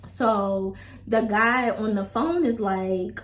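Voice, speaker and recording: A woman's voice: medium pitch, slow pace. A young adult woman telling a story to her viewers in a chatty way, full of fillers. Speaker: vlogger. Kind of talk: casual storytime chat.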